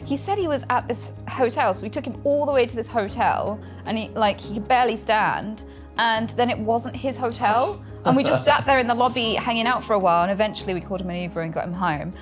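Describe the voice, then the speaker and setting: A woman's voice: a little high, fast talker, faint music behind. A young British woman, an interview guest, telling stories in casual chat, acting out quotes and laughing often. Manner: animated storytelling, acts out quotes, laughs often.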